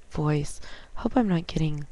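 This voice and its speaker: A woman vlogging at home on a webcam, chatting casually and retelling conversations with lively quoted dialogue. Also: mid-range voice, breathy edge, no room sound. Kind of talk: casual storytelling.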